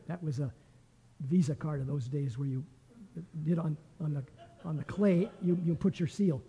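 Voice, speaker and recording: A man's voice: a little high, normal speed, slightly rough. Older man teaching the Bible in a hall. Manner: lively storytelling, acting out quoted voices.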